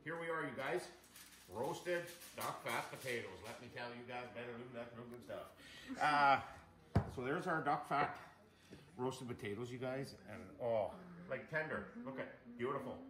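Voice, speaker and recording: Over a crowd in the background and loud frying sizzle in an echoey home kitchen, a man hosts a casual cooking demo. He speaks at a moderate pace in a mid-range voice, chatting freely and calling his viewers "you guys."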